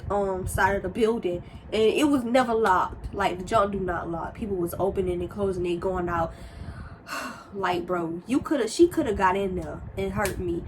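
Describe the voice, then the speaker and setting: A young woman telling a casual storytime, rambling and animated, with sudden high exclamations. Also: slight background noise. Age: young adult. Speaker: storyteller vlogger.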